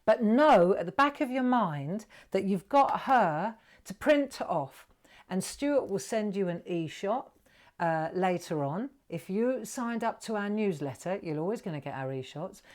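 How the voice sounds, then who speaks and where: A woman's voice: medium pitch, a little mellow. Chatty encouraging British woman. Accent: British English. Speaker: craft presenter. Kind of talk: live online drawing tutorial.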